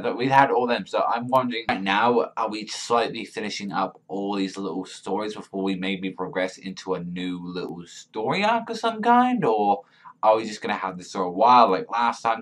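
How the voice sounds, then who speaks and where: A man's voice: fairly low pitch, fairly bright tone. Rambling, foul-mouthed man ranting a review. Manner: profane, rambling, filler-heavy. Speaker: manga reviewer.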